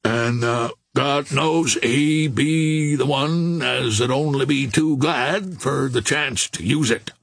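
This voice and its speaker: A man voicing a nervous common sailor who speaks haltingly in rough dialect. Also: mid-range voice, a bit bright, no room sound, clean studio sound, full character voice. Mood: hesitant.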